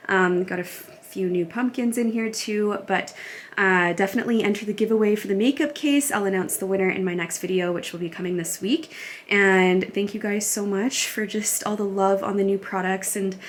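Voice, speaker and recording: A young woman vlogging from her home, bubbly and gushing as she chats along with lots of ums and likes. Her voice sits at an ordinary middle pitch, with a faint hiss of noise in the background. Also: normal speed. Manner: bubbly, gushing, chatty with many fillers. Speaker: beauty vlogger and mother. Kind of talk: casual vlog chat to camera. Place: at home, in her mud room.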